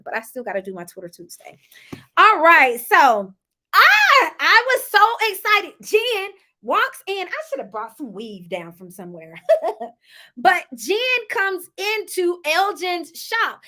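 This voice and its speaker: This high, bright voice carries a forceful tone, coming from an American woman with a Southern accent. In a relaxed live chat she reviews a reality show, laughing often and saying y'all to her viewers.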